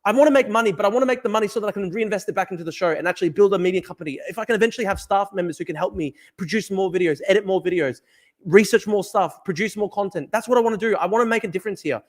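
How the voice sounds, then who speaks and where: A man's voice: high-pitched, very fast. Fired-up, swearing man. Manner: fired-up, profane, rambling. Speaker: livestream host. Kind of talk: casual livestream talk reading chat. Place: at a desk at home. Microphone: desk camera mic.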